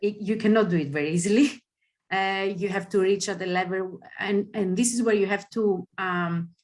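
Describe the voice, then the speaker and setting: A woman with a Greek accent, a panelist who answers thoughtfully with frequent hesitant pauses. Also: mid-range voice, a little mellow. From Greece. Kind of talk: panel discussion.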